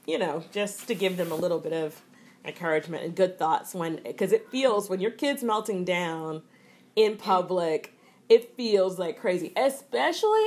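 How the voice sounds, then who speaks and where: Reflective mother rambling on a podcast. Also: medium pitch. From American South. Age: older mom of a toddler. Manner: rambling, reflective, with restarts and soft laughs. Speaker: podcast co-host. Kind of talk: casual podcast chat.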